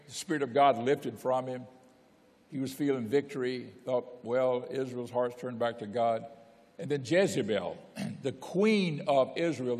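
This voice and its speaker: A man's voice: mid-range voice, a little mellow. Folksy preacher man in a reverberant hall. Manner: folksy storytelling, rises to emphatic pleading. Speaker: bishop teaching Sunday school. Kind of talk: Bible teaching sermon. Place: church hall. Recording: long church reverb.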